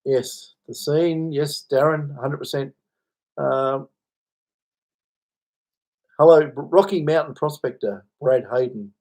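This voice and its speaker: Gravelly man chatting on a livestream. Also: a little high, slow pace, long pauses, darkish tone. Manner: rambling, chuckling, answers chat comments. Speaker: livestream host. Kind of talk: casual livestream chat.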